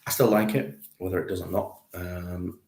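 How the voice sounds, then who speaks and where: A man with a low voice rambles casually through a live stream as he paints miniatures, often poking fun at himself. He is recorded in an echoey room. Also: level tone, normal speed, gravelly, darkish tone, slight background noise. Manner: rambling, self-deprecating, chatty with viewers. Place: home conservatory.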